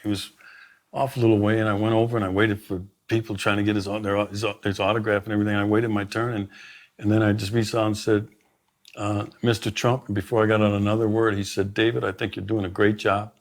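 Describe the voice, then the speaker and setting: A middle-aged man with a lowish voice spins a long anecdote in a conversation. He is emphatic and keeps restarting his sentences while he finds the words. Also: flat delivery, quick pace. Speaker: sheriff, guest. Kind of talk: storytelling in a conversation.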